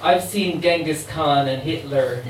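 Man voicing an immortal voodoo queen, sassy and tired of the centuries; unhurried, heard from a distance. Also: a little high, natural voice. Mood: wry. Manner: sassy, wry monologue delivery. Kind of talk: dramatic poetry reading. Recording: roomy, distant mic, faint ambient noise.

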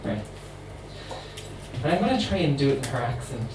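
A man's voice: mid-range voice, very animated, moderate pace. A man hosting a live reading event, talking in a loose, chatty way with many fillers. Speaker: event host and reader. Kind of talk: casual live introduction. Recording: roomy, distant mic, faint ambient noise.

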